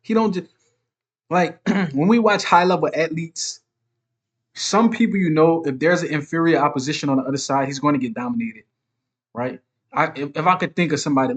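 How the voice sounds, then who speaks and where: Casual man breaking down boxing. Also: on the high side. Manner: conversational, keeps checking in with "right?". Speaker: boxing commentary channel host. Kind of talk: casual solo boxing commentary.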